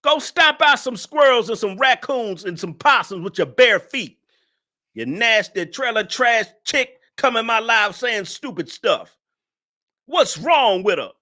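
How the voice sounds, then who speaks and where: Loud, laughing male stream host. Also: sits high, expressive. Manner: laughing, mocking roasting of a viewer; loose, slangy talk with drawn-out exclamations. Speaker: live-stream show host. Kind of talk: casual live-stream commentary.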